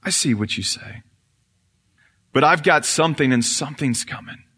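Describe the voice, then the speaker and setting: A pastor voicing God as a calm, patient male figure who answers with quiet confidence. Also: fairly high pitch, husky, exaggerated voice. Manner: calm, assured, unhurried. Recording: reverberant church hall.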